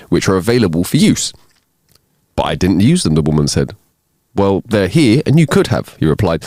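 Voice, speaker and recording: A man co-hosting a casual comedy podcast, reading listener jokes aloud and playing the characters with lively put-on voices. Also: on the low side, no echo, studio quality. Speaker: podcast co-host.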